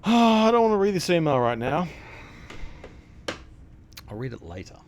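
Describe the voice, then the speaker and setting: A man's voice: fairly high pitch, very animated, a little slow, slight background noise. A young man giving casual, wry commentary while streaming a horror game. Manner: wry, sarcastic asides.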